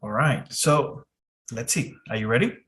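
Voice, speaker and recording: A man teaching an English pronunciation lesson in a casual way, often checking in with "okay". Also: medium pitch. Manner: slow, relaxed explaining with frequent "okay".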